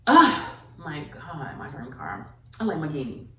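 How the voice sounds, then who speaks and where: A woman comedian telling stories in a casual podcast chat, animated and acting out the voices of others. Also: low-pitched, measured pace, distant mic, slight background noise. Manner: animated storyteller, acts out quoted voices. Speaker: comedian guest. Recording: roomy, from off mic.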